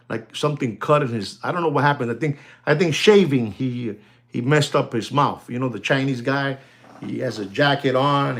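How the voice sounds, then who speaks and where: A man selling watches in a casual, rambling talk, often calling out to ladies and gentlemen and laughing as he goes. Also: medium pitch. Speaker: watch dealer. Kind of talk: casual chat.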